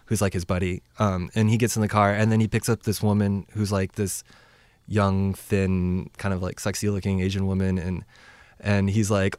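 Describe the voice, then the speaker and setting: A man with a lowish voice tells a story casually, leaning on "like" and acting out the dialogue as he goes. The recording is dry and close, with no room sound. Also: level tone, normal speed, a little mellow, smooth, no echo. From United States. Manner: rambling, heavy use of "like" fillers, acts out quoted dialogue. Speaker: guest telling a travel story.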